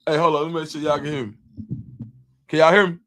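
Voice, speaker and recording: A man's voice: on the high side, quick pace. A young man hosting a live stream, chatting casually in slang and reacting to viewers' comments. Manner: animated, slangy, reads chat comments aloud.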